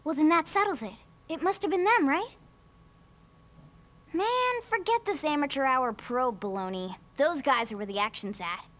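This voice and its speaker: Brash, eager young soldier, high voice, game audio. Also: male voice, expressive, normal speed, fairly bright tone. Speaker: game character, young squad member. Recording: game audio with faint music.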